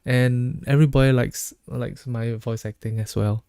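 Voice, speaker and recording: A male streamer chatting loosely with his viewers, joking and laughing as he goes. His voice is mellow and a little dark, recorded close and dry with no room sound. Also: mid-range voice, steady tone, normal speed, creaky, clear, resonant tone, dry recording. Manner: joking, laughs often, reads chat aloud. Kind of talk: casual live-stream chat.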